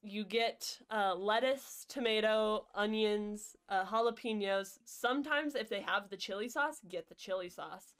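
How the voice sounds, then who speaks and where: A woman's voice: medium pitch, unhurried, hardly any pauses, fairly bright tone. A woman streaming a video game, chatting casually and playfully with her viewers in a jokey, rambling way. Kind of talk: casual gameplay chat.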